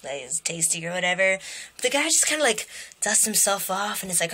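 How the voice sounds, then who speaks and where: Bright-voiced young woman telling a dream. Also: a little fast. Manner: animated storytelling with quoted voices jumping high in pitch. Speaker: vlogger. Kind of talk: casual dream retelling to camera. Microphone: camera mic.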